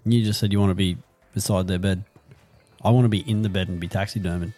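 Laid-back Australian bloke, low voice. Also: male voice, steady tone, fast talker, mellow. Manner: laid-back, swears a lot, laughs often. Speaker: podcast co-host. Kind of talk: casual chat.

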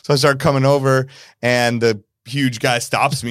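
A man guesting on a podcast, telling a story in a lively way and acting out the lines of the people in it. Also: a little fast, dry recording, studio quality. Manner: animated storyteller, acts out quotes with jumps in pitch. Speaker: DJ and producer guest. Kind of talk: casual podcast interview storytelling.

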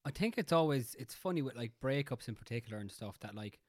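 A man's voice: mid-range voice, animated, fast, dry recording, studio quality. A man co-hosting a podcast, asking loose, conversational questions in casual chat. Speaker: podcast co-host.

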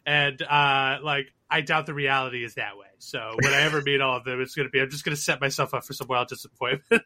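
A man's voice: mid-range voice, fairly even intonation, quick pace, pushed and bright. A man in his thirties co-hosting a podcast, chatting casually in a rambling, jokey way and laughing often. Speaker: podcast co-host. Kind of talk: casual chat.

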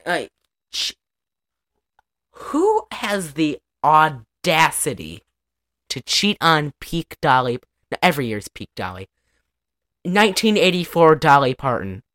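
A woman's voice: low-pitched, big pitch swings, a little slow, a bit bright. A woman in a casual chat, recapping a movie in a chatty, profane way and laughing often.

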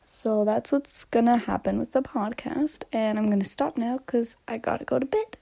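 Young female podcast host, casual rambling chat, slightly high voice with vocal fry, phone-recorded. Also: normal speed, mellow. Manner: chatty, rambling, drops into whispers. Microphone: phone voice memo.

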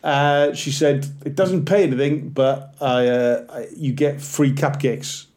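A Welsh man around forty, a comedian chatting on a podcast, telling animated, self-deprecating stories and slipping into little bits. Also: medium pitch, a little slow. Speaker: comedian guest. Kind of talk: casual podcast chat.

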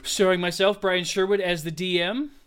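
A man hosting a tabletop game podcast as game master, playful and quick to laugh as he bantered with his players. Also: sits high, fairly even intonation, a bit bright, a little hiss or hum.

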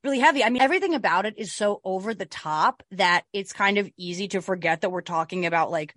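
A woman's voice: mid-range voice, fast, a bit bright, dry recording. A woman co-hosting a podcast, chatting casually and animatedly about a true-crime case, swearing and restarting often. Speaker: podcast co-host.

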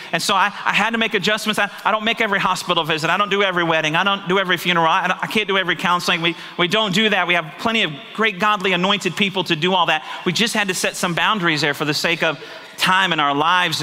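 A man's voice: sits high, pushed and bright. A man pastor preaching a sermon, earnest and confessional, often asking his listeners rhetorical questions. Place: church sanctuary. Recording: reverberant church hall.

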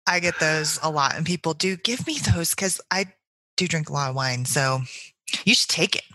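A woman's voice: low voice, animated, moderate pace, pushed and bright, no room sound. A woman co-hosting a book-club podcast, talking in a reflective way and searching for her words. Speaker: podcast co-host. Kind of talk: thoughtful book-club discussion.

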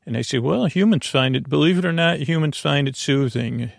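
A middle-aged man hosting a sleep podcast, talking in a meandering, self-interrupting, soft and lulling way with a creaky voice. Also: a little high, brisk, no room sound, studio quality. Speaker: podcast host. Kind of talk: rambling sleep podcast monologue.

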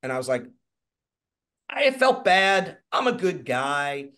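Animated man telling a story. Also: on the high side, slow. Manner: animated, acts out quotes in shifting voices; swears freely. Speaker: guest telling a personal story. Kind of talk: casual storytelling.

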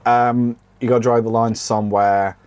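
A man's voice: medium pitch, level tone, normal speed, darkish tone, clean tone, no echo. A man co-hosting a comedy podcast, talking in a sardonic, rambling way and swearing freely. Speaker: podcast co-host. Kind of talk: casual comedic chat.

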